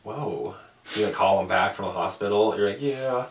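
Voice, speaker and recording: A man's voice: low voice, fairly even intonation, a little fast, roomy sound, far from the mic. A man hosting a podcast, telling a rambling story in casual chat, swearing and acting out the people he quotes. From Alaska. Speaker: podcast host.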